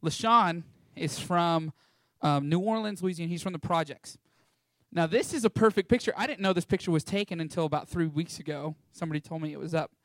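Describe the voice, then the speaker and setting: Sharing a testimony as a ministry school student, a young man from Texas tells his story briskly and playfully to an audience, imitating the voices of the people in it. He sits a bit high for a male voice. The recording is close and dry, with minimal room reflection and no echo.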